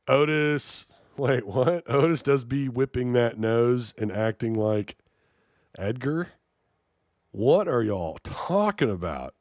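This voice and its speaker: A man's voice: medium pitch, vocal fry, a little mellow, no room sound, studio quality. A man hosting a live-streamed sports talk show, reading chat and reacting in an incredulous, jokey way.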